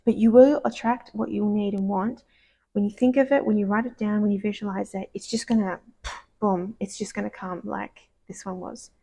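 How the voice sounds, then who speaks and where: A woman giving a casual, rambling tarot card reading, gushing and soft-spoken, sometimes dropping to a whisper. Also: mid-range voice, fairly even intonation, normal speed. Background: dogs barking.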